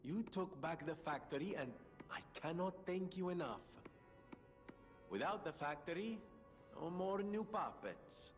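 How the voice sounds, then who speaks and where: Flamboyant gentleman inventor. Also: fairly high pitch, expressive, a little slow. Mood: grandiose. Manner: grandiose, theatrical self-introductions. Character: flamboyant male gentleman inventor in his thirties. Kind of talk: video game dialogue. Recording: game audio with reverb and music.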